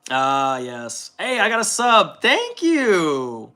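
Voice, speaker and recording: A man's voice: high voice, huge pitch swings, takes it slowly, pushed and bright. A man streaming casually while painting, rambling in a laid-back way and swearing freely.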